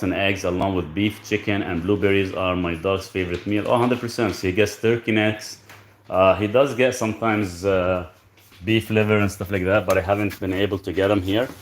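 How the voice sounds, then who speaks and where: Relaxed, low-voiced man chatting on a livestream. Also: a little hiss or hum. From Lebanon. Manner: relaxed, rambling, talks softly to his dog between questions. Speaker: health channel host answering live chat. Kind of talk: casual livestream chat.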